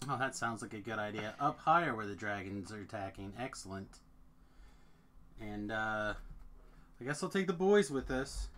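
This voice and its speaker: A man's voice: on the low side, animated, moderate pace, fairly bright tone. A man playing a tabletop game, joking in a dry, sarcastic way. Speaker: player. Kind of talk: casual role-play banter.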